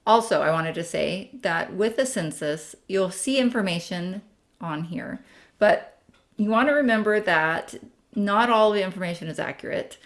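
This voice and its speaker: A young adult woman giving a chatty, friendly screen-share tutorial as a family history instructor, with frequent ums. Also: lowish voice.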